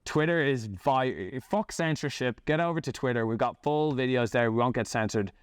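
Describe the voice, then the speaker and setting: A man's voice: medium pitch, normal speed, smooth, dry recording, clean studio sound. A man running a business, delivering an angry, profane rant to camera. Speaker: business owner and vlogger.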